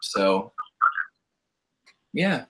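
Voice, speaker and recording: A hesitant man speaking haltingly in a casual live-stream chat over a video call. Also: lowish voice, big pitch swings, noisy background. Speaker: show regular. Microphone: computer mic on a video call.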